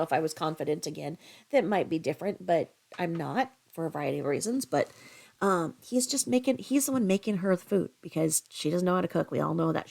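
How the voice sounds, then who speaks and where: A woman's voice: lowish voice, creaky. A woman hosting a commentary channel, ranting bluntly and profanely about another online creator. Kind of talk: angry commentary.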